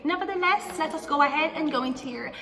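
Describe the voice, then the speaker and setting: A woman's voice: sits high, fast, pushed and bright, a little hiss or hum. A woman hosting a casual tarot reading in a loose, chatty way, now and then breaking into song. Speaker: tarot reader and channel host. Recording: echoey room with long reverb and music. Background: music playing.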